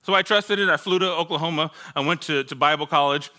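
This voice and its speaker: A male pastor with a very bright, ringing, slightly high voice speaks fast in a sermon built on personal testimony. He tells his own story, acting out things he once said and laughing at himself as he goes.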